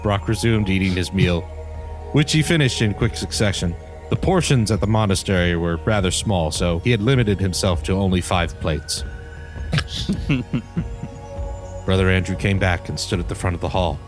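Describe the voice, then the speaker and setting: A man hosting a podcast, reading a comic story aloud in a deadpan narrating voice. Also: low voice, normal speed, over music. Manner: deadpan narration that keeps breaking into laughter.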